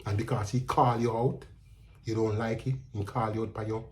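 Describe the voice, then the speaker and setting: A man's voice: fairly low pitch, normal speed. Indignant Jamaican man telling a story. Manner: animated, indignant retelling, slipping into patois. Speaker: vlogger. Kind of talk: casual storytelling rant.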